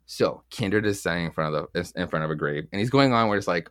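A man's voice: low-pitched, lively intonation, fast talker, few pauses, clean tone, no echo, studio quality. Casually swearing man recapping comics. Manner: rambling, loose, swears often, acts out quotes. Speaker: podcast co-host.

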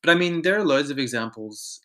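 A man's voice: on the high side, animated, brisk, pushed and bright. A man, co-hosting a podcast and telling work stories in casual chat, candid and swearing freely. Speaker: podcast co-host.

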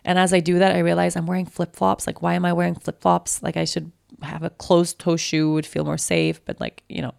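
Woman, lots of vocal fry, low voice, rambling anxious storytelling, dry close sound. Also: little pitch movement, brisk, hardly any pauses, a little mellow, dry recording. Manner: rambling, with many restarts and "like"; anxious and shaken. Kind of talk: personal storytelling.

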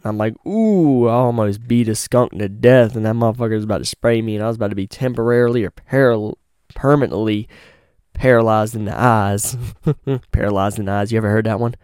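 A young man tells a story on his podcast, loose and full of cursing and slang. His voice is a little low and mellow, almost warm, close and dry on a studio mic with no room sound. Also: brisk, smooth, no room sound. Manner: profane, slangy, animated storyteller. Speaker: podcast host. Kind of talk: casual storytelling monologue. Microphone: studio mic with pop filter.

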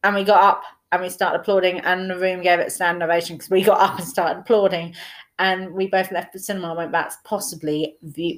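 A young woman chatting casually through a film review, enthusiastic, with many fillers and restarts. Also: on the low side.

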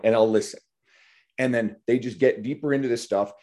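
A man's voice: medium pitch, steady tone, a little fast, darkish tone. A man hosting a podcast, talking bluntly and animatedly about coaching, swearing freely. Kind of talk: casual podcast conversation.

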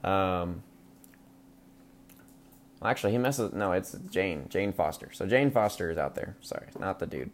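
A man with a very low voice recaps a film on his podcast. He rambles loosely, peppering his talk with ums and likes and swearing for laughs. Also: animated, unhurried, long pauses. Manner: rambling, crude and joking, with frequent fillers. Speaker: podcast host. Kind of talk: casual movie recap.

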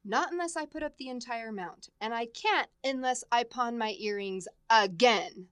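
A woman's voice: on the high side, moderate pace, clear, resonant tone, no echo, lightly acted. An actress playing a wisecracking female schoolteacher in a 1950s radio comedy, dry and sardonic.

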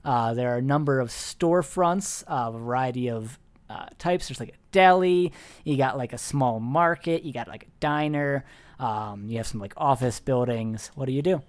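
A man narrating as game master with playful, deadpan descriptions. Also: mid-range voice, moderate pace.

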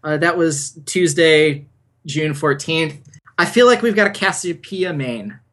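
A man's voice: on the high side, measured pace, a bit bright. Opinionated esports podcast co-host, man. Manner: opinionated, emphatic, repeats for punch. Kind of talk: casual esports analysis chat.

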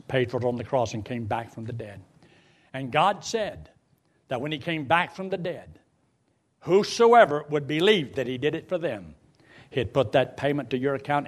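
An older man preaching a sermon, swinging from loud outbursts to low, quiet pleading. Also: slightly rough.

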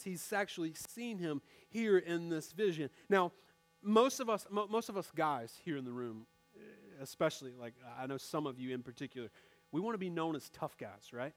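A man's voice: on the high side, moderate pace, soft background music. A man in his twenties, a pastor, preaching a sermon in a church and talking straight to the congregation in a conversational way.

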